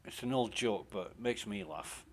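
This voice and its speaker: A man's voice: lowish voice, normal speed, gravelly. Sweary man chatting on stream. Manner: rambling, sweary, self-interrupting. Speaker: game streamer. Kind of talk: casual stream chat.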